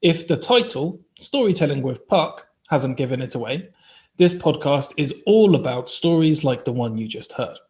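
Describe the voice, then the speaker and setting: A man's voice: on the high side, animated, normal speed, darkish tone. Man hosting a storytelling podcast. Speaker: podcast host. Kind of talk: casual podcast intro.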